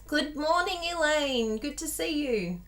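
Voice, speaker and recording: Her voice is high, animated and fairly bright, and she never rushes. This Australian woman runs a chatty live card-making tutorial, bubbly and addressing viewers directly through a plugged-in desk mic.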